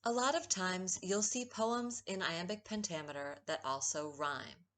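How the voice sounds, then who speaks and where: Slow-spoken woman teaching poetry. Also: lowish voice, a bit bright. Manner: slow, measured, stresses rhythm when reading verse. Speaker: poet teaching a workshop. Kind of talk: recorded poetry lesson.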